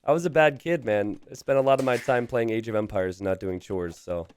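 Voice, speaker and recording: A man's voice: medium pitch, smooth. A man casting a strategy game, joking with his co-caster and laughing often. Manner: animated, joking, quick to laugh. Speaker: esports caster. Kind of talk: live game commentary with banter.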